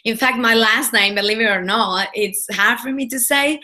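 A woman from Mexico speaks English with a Spanish accent, her tone bright and clear. She tells her story earnestly and with energy, leaning on fillers as she goes. She is a guest speaking over a video call. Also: a little high, moderate pace. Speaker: women's leadership coach. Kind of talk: interview guest.

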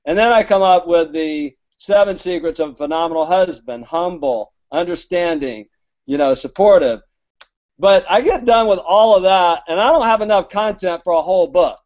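A man's voice: high voice, moderate pace, darkish tone. A man from Alabama, a guest author telling rambling, chatty stories in an interview and acting out the dialogue he quotes. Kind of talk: casual storytelling interview. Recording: dull lo-fi audio.

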